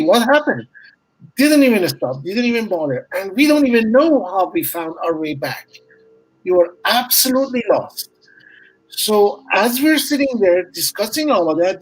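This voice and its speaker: A man's voice: high-pitched, slightly rough, rough recording. A man telling a story in casual chat, rambling and restarting mid-sentence.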